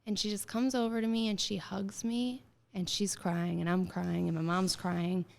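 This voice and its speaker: A woman around thirty, a guest in an interview, telling her story in a lively way and acting out bits of dialogue, with many filler words. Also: mid-range voice, normal speed, gravelly. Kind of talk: casual interview conversation.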